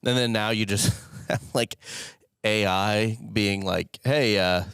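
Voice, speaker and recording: A man's voice: on the low side, fairly even intonation, slow pace, gravelly, a bit bright, clean tone, no echo. A man co-hosting a casual podcast, rambling wryly into jokes. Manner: rambling, wry, trails into jokes. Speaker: podcast co-host. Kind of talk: casual chat.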